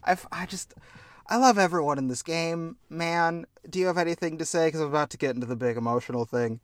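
Excitable, higher-voiced young man. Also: fast talker, dry recording. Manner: enthusiastic, swears freely, lively storytelling. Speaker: podcast host. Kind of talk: casual chat.

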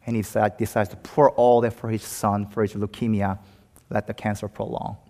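A man's voice: on the low side, level tone, fairly quick, warm tone. A man preaching a sermon as pastor, speaking with rising passion and emphatic peaks. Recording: long hall reverb.

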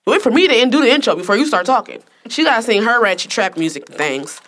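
A woman's voice: on the high side, animated, fast talker, fairly bright tone, a little hiss or hum. A young woman hosting a casual podcast, teasing and laughing through the banter. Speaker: podcast host. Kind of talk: casual chat.

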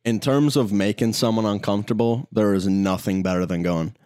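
A man bantering in casual chat, tossing in quick jokes and quips. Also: fairly low pitch, darkish tone, clean tone, no echo, studio quality.

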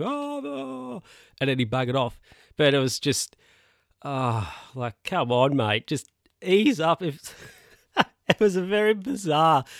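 A chatty man rambles through a casual spoken monologue and chuckles at his own tales. His voice sits at an ordinary middle pitch. It is recorded close and dry, with hardly any room sound. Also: no room sound.

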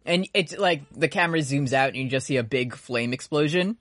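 A man in a casual recap chat, retelling scenes with lots of laughter and quick put-on character voices. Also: mid-range voice, fairly bright tone, no echo, studio quality. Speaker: podcast co-host.

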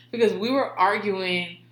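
A woman telling rambling, profane stories in a casual way, laughing often. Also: medium pitch. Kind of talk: casual storytelling. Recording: roomy echo.

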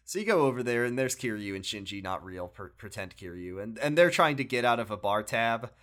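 A man's voice: on the low side, fairly quick. A man chatting casually on a podcast, recapping a video game, laughing often and acting out the characters' lines. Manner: animated, laughs often, acts out quotes. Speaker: podcast co-host.

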